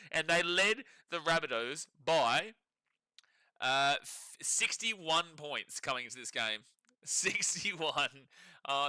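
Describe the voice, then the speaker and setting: A man's voice: fairly high pitch, pushed and bright, clear, resonant tone, dry recording. A young Australian man co-hosting a live sports watch-along stream, sarcastic, laughing often and reading chat messages aloud. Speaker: livestream co-host.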